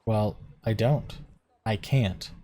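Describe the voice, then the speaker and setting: A man's voice: fairly low pitch, slow, warm tone. A man voicing a timid young female maid servant in a game reading, speaking hesitantly. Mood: nervous. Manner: nervous, hesitant.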